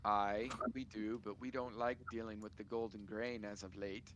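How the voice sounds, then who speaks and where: A man's voice: lowish voice, flat delivery, moderate pace, highs cut off, crowd noise, natural voice. A man voicing a kindly older male cheese farmer who speaks in a folksy, reassuring way. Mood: proud. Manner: folksy and reassuring, says aye and lass.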